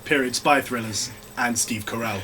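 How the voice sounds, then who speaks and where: A man co-hosting a casual film review chat, cracking quick wry jokes. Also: mid-range voice, pushed and bright, a little hiss or hum.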